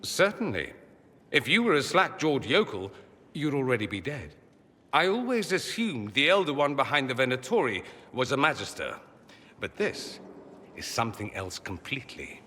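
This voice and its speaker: A sassy quick-witted mage dude, bright voice, swings all over, big reverb. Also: male voice, mid-range voice, big pitch swings. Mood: teasing. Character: witty, sardonic young male mage, exiled nobleman. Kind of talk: video game voice acting.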